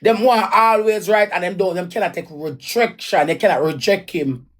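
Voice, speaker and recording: Woman with a Jamaican accent venting on a livestream; raw, repetitive, a touch low-voiced. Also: moderate pace. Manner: raw, emphatic, repeats lines. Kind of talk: emotional personal story, ranting.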